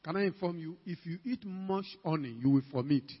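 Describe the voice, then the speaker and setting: A man with a Ghanaian English accent preaching a sermon, calling out to the congregation with emphatic questions and rising to shouts. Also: fairly high pitch, a little fast, husky. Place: church hall. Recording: dull, reverberant church hall recording.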